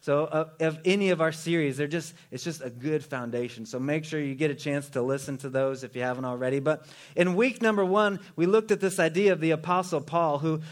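High-voiced man preaching casually. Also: brisk. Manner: conversational, joking asides. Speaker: pastor. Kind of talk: sermon.

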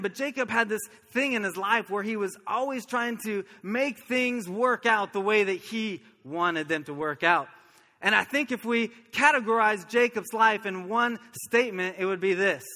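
A pastor from Oklahoma preaching a sermon, telling stories earnestly and chuckling now and then. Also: male voice, high-pitched, bright, forceful tone, in a large hall. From Oklahoma, USA.

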